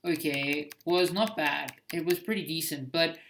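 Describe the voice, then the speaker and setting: A man's voice: fairly high pitch, unhurried, a bit bright, a little hiss or hum. A man giving casual commentary on his own homemade film, hesitant and self-critical, with many restarts.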